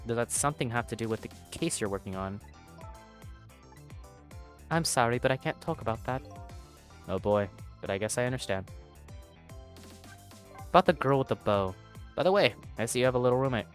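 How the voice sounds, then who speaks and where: A streamer performs a game's dialogue aloud, with an animated pitch that swings all over. Between lines come quick jokes and swearing. Faint music plays behind the voice. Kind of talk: playing a game and voicing its dialogue aloud.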